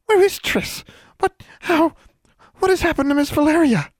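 A man's voice: expressive, moderate pace, no echo, clean studio sound. A man voicing a frightened female house elf who shrieks and stammers. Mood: panicked. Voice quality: shrill and stammering. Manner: speaks of herself in third person.

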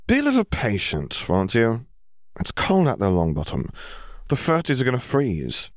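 A man's voice: mid-range voice, huge pitch swings, normal speed, no room sound, studio quality, pitched above the performer's own voice. Man putting on a smug impatient teenage boy. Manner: impatient, complaining.

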